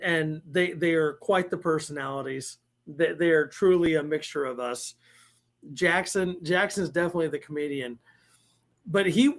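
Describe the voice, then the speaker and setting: Profane, rambling middle-aged man. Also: high voice. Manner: profane, rambling, laughs often. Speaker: podcast host. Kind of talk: casual live-stream chat.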